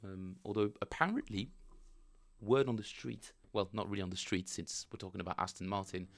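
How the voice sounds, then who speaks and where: A man's voice: on the low side, a little fast, vocal fry. A man casually chatting with viewers on a live stream, rambling and joking as he reads chat aloud. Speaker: bass player streaming practice.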